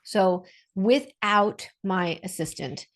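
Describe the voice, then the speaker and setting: A woman's voice: medium pitch, takes it slowly. A woman speaking in a casual webinar discussion, stressing her points by repeating them, speaking over a video call.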